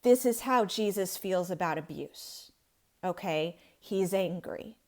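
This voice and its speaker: A woman's voice: on the low side, slow pace, darkish tone. A woman in her thirties hosting a faith-based talk on recovering from abuse, speaking in an earnest, emphatic way that rises to intensity. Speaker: podcast host.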